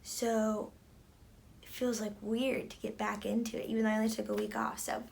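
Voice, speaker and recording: Chatty young woman with a tired, hoarse voice. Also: fairly high pitch, flat delivery, moderate pace, a little mellow. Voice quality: chatty, many "like"s. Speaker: beauty vlogger. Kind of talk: casual hair tutorial chat.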